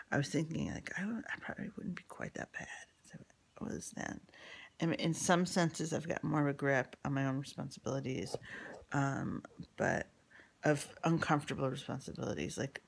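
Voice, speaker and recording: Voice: mid-range voice, gravelly, fairly bright tone. A speaker telling a rambling personal story in casual talk, swearing freely, full of fillers and restarts, often dropping into whispered asides. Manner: drops into unvoiced whispery asides.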